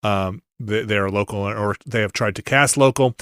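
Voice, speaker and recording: A man's voice: on the low side, moderate pace, a bit bright, clear, resonant tone, dry recording, studio quality. A man hosting a casual podcast, joking and laughing through an ad read. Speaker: podcast host.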